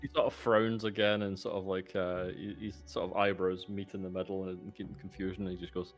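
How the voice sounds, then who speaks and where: A low-voiced man narrates as game master, hesitant and full of filler words. Faint music plays underneath. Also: flat delivery, fairly quick, few pauses.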